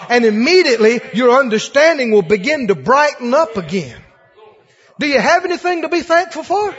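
A man's voice: very high-pitched, sing-song, normal speed, a bit bright. A male preacher giving an emphatic, rousing sermon in a church and asking the congregation questions. The recording is dull, with long church reverb.

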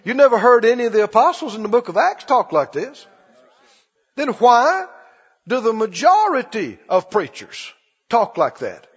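Man, preacher, sermon, high voice, dull lo-fi hall recording, long reverb. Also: husky. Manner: animated, emphatic, repeats lines for stress.

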